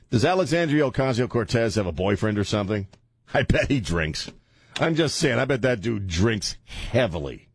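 A man's voice: fairly low pitch, no echo. A man hosting a call-in radio talk show, loose and jokey, laughing often as he talks. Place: radio studio.

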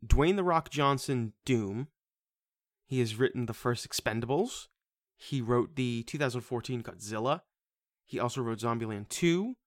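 A man co-hosting a casual movie podcast, excitable, swearing casually and laughing often. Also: mid-range voice, no room sound, clean studio sound. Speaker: podcast co-host. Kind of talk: casual movie-review chat.

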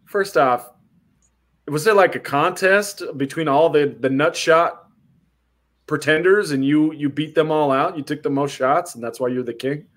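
A man's voice: fairly high pitch, measured pace. A man telling a funny story in casual chat, acting out voices and reactions. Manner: animated, acts out voices in quotes.

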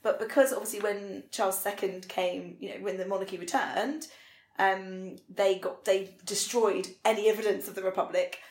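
A woman's voice: medium pitch, fairly even intonation, moderate pace, darkish tone, echoey room. A woman co-hosting a podcast, chatting enthusiastically and thinking aloud as she recaps a TV episode. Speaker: podcast co-host. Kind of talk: casual chat recapping a TV episode.

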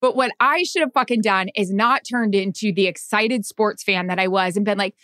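A woman co-hosting a podcast in casual chat, excitable, swearing freely and acting out what people said. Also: medium pitch, normal speed, no room sound, clean studio sound. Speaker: podcast co-host.

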